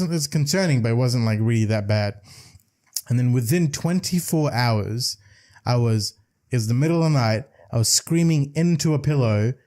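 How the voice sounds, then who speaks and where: A man co-hosting a podcast in casual chat, explaining things in a relaxed, loose way with fillers. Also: medium pitch. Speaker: podcast co-host.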